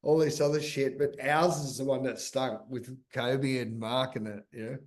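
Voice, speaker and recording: A man's voice: mid-range voice, steady tone, normal speed. A middle-aged Australian man, a guest in casual chat, talking in a loose, rambling way and swearing freely. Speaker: guest, big wave surfer.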